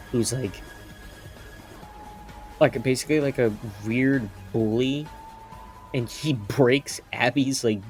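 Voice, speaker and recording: A young man giving an unscripted movie review, rambling and incredulous, laughing often and swearing casually. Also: medium pitch.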